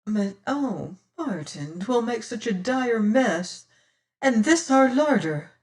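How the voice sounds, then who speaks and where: Timid young noblewoman, soft and pleading, voiced by a woman, unhurried, recorded a little off-mic. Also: on the high side, expressive, recorded from a distance, voice pushed up. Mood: anxious. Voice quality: soft and hushed. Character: frightened, gentle young noblewoman.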